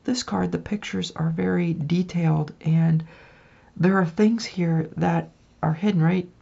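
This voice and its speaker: A woman's voice: lowish voice, steady tone, unhurried, vocal fry, dark tone, breathy edge, highs cut off. A woman giving a casual spiritual tarot reading, chatty and often checking in with the listener. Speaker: tarot reader.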